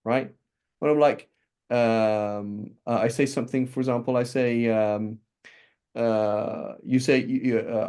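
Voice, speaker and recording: Brief: male teacher, mellow tone, animated classroom lecture, checks in with "right?". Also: mid-range voice, a little slow, smooth. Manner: animated, frequent "right?" checks, restarts and asides. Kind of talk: classroom lecture on Islamic texts.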